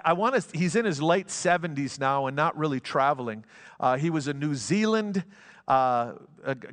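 A man's voice: a little high, fairly bright tone. A middle-aged man preaching a sermon in a church, telling stories in a conversational way with frequent restarts. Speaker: pastor. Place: church sanctuary. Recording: long hall reverb.

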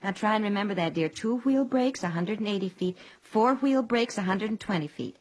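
A woman's voice: mid-range voice, a little fast, darkish tone, breathy edge, lightly acted. A woman playing a fussy, chirpy radio wife. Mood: coaxing. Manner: chirpy, patronizing, keeps calling him dear. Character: fussy, cheerful wife drilling her husband. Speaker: wife quizzing her husband. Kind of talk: 1940s radio acting.

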